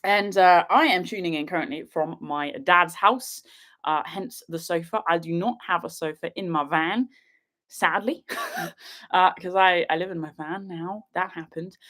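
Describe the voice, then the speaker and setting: A woman's voice: fairly low pitch, a little slow, fairly bright tone. A young woman from England chatting bubbly and giggly to her livestream viewers from a sofa at her father's house, a little sniffly from a cat allergy. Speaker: outdoor vlogger hosting a livestream. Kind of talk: casual livestream chat to viewers.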